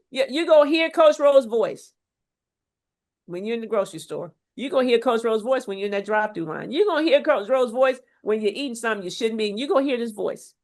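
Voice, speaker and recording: A woman health coach giving an emphatic, preachy motivational talk, full of faith, repeating "okay?" to drive each point home. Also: a little high. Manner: faith-filled and exhortative.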